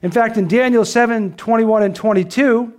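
A man delivers an expository sermon in a fairly high voice. He works through scripture verse by verse and keeps pressing his listeners with rhetorical questions and emphatic repetition. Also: moderate pace, darkish tone. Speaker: pastor.

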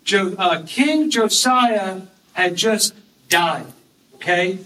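A man preaching a sermon, earnestly explaining scripture and reading verses slowly and with emphasis. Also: high voice, bright, forceful tone. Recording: distant mic with faint background noise.

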